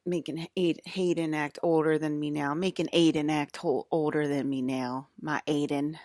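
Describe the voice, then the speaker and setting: A woman's voice: deep voice, fairly even intonation, normal speed, a little mellow, no echo. A woman talking straight to her viewers in a loose, rambling monologue, swearing freely and laughing often. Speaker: vlogger.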